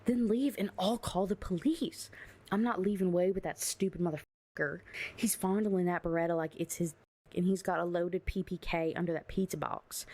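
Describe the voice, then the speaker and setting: A woman reading aloud as a tough, scheming older sister, slow and blunt with plenty of profanity. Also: medium pitch, a little mellow, natural voice.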